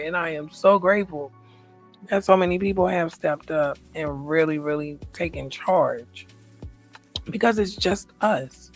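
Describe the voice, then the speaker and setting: An American woman talking in a personal, reflective vlog monologue. She speaks in a heartfelt, emotional way and repeats her affirmations. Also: on the low side. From United States. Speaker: vlogger.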